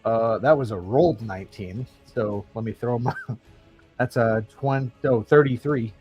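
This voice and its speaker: A man's voice: medium pitch, measured pace, muffled recording, soft background music. A man plays a tabletop game and chats casually. He talks loosely, hesitating and thinking aloud as he describes his moves and rolls. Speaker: player.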